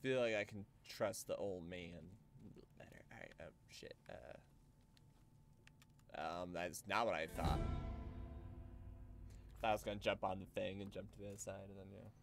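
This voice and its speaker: A man streaming a video game, chatting casually and excitably with plenty of swearing and jokes. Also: low-pitched, moderate pace, gravelly, long pauses, a little hiss or hum. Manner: excitable, profane, jokey. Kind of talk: casual gaming livestream commentary.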